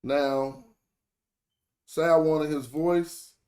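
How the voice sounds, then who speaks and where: A man's voice: on the high side, steady tone, very slow, darkish tone. A man hosting a casual online tutorial, talking loosely and slangily to his viewers and often correcting himself mid-sentence. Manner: slangy, chatty address to viewers. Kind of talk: casual screen-share tutorial.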